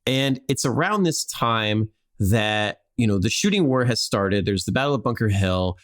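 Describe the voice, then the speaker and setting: A man's voice: fairly low pitch, lively intonation, normal speed. A man hosting a podcast, telling a history story casually with lots of "like" and jokey acted-out quotes.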